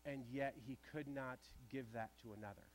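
A man's voice: medium pitch, steady tone, normal speed, slight background noise. A man preaching a sermon in a church, conversational and asking the congregation direct questions. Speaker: pastor.

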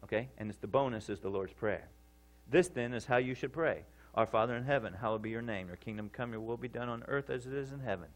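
A man preaching a sermon in a conversational way, often checking in with his listeners and getting louder and higher for emphasis. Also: fast talker. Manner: rises in pitch and volume for emphasis. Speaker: pastor.

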